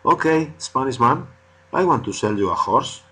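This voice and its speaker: A man voicing a pushy, boastful male horse seller in a spoken joke, loud and insistent. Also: mid-range voice, expressive, moderate pace, breathy edge.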